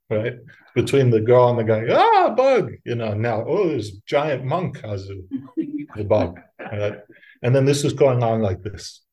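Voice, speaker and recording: During a talk, a middle-aged man who teaches as a Buddhist monk recounts something from his own life with easy self-mockery, laughing and mimicking the voices of others. His voice is mid-range.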